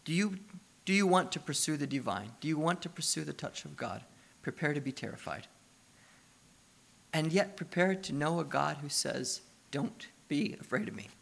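A man's voice: fairly high pitch, lively intonation, normal speed, vocal fry, a bit bright. A middle-aged man, a pastor, preaching a sermon in a conversational way, asking the listeners questions and building to emphatic passages.

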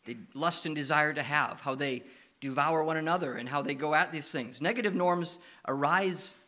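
A man preaching a sermon. He tells lively stories and coaxes the children with questions. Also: a little high, moderate pace. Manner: lively anecdotal storytelling, coaxing questions to children.

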